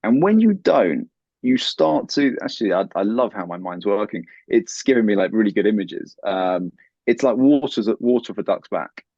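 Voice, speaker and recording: A man's voice: lowish voice, expressive, normal speed, a little mellow, breathy edge, no echo. A man talking as a guest in an interview, earnest and giving advice. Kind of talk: conversational interview. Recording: dull, lo-fi, dry sound.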